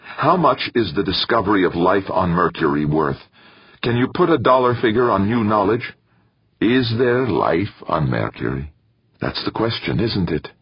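A man voicing an excitable male scientist who flares into indignant, rising outbursts. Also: lowish voice, normal speed, breathy edge, muffled recording, pitched above the performer's own voice, full character voice. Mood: earnest.

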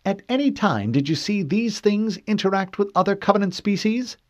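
A man's voice: sits high, expressive, moderate pace, voice pushed up. A man voicing a stern female officer who questions a soldier in a clipped, precise way. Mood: probing. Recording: dull dry studio read.

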